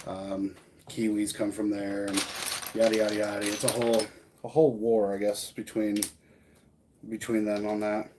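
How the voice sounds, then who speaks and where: A man's voice: fairly low pitch, level tone, moderate pace, background noise. A man with an American accent, hosting a stream and talking in a rambling, casual way with lots of fillers. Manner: rambling, filler-heavy, chatty. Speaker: streamer host. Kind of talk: casual chat.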